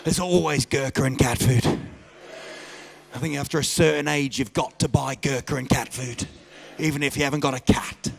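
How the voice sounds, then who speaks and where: A man doing a stand-up comedy set, telling stories in a loud, animated way with shouted bits. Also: medium pitch, normal speed, vocal fry.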